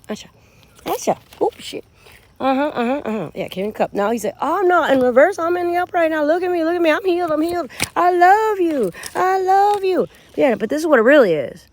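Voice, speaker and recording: A woman runs a casual tarot reading, speaking right to her viewers. Her voice is very lively and swoops up and down, and it sits at an average pitch for a woman. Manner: animated, talks straight to viewers. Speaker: tarot reader.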